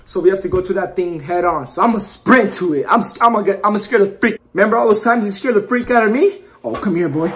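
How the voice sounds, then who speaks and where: A gaming YouTuber talks fast and high-pitched with few pauses over slight background noise, recording let's-play commentary on a horror game. Jumpy and excitable, he yelps at scares and then mutters, trash-talking the game with constant mild cursing.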